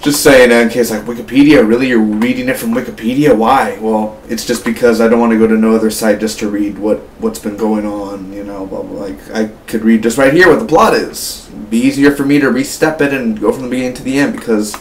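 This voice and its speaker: An eighteen-year-old man giving a casual, rambling spoiler review of a film. He gets excited and keeps tossing in "man" and "like". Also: fairly low pitch, a little fast, hardly any pauses. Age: late teens. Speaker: movie reviewer. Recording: echoey room, mic at a distance, faint hum.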